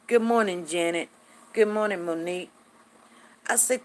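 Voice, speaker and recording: A middle-aged woman hosting a casual live chat, telling stories in an animated, chatty way and acting out what people said. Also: medium pitch, normal speed. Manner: chatty, animated, acts out quotes, drawls. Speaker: host greeting live viewers.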